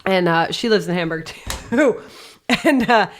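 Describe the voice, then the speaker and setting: A woman guest in casual, profane podcast chat, with loud laughing outbursts. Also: fairly low pitch, expressive, a little slow, a little hiss or hum.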